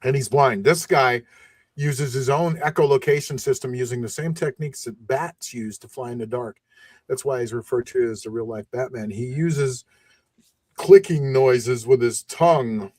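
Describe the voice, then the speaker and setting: A man's voice: medium pitch, moderate pace, darkish tone, no echo. Male podcast host, easygoing and jokey, dry close sound. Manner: loose and jokey, trails off while reading. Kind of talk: casual chat.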